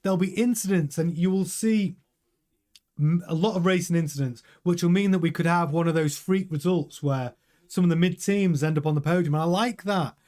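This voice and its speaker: A chatty man with a slightly higher-than-usual voice talks casually through a live watch-along stream. He sounds excitable and often turns to answer viewers' messages. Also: fairly quick. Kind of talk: casual live race commentary.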